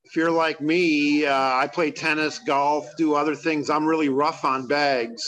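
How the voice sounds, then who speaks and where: A man's voice: on the high side, steady tone, measured pace, fairly bright tone, dull audio. A man hosting an interview, asking chatty, folksy questions with fillers. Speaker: interview host. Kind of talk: casual interview.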